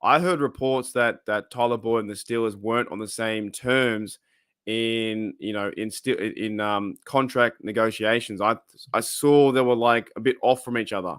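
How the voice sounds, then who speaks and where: A man with an Australian accent and a hoarse, cracking voice, hosting a casual live chat and reading out viewer comments. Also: on the low side, steady tone, normal speed, fairly bright tone, dry recording, clean studio sound. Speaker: livestream host. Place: home room.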